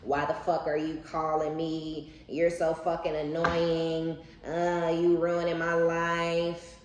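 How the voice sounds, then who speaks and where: A bitter ex-partner yelling and cursing into the phone, fed up and exasperated, as a woman puts them on. The voice sits low and carries a room echo with faint background noise. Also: monotone, takes it slowly. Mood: furious.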